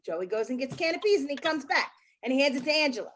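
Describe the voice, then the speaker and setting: A woman's voice: high-pitched, lively intonation, fast talker, a bit bright, a little hiss or hum. A woman comedian doing a brash stand-up set about family life, with crude punchlines.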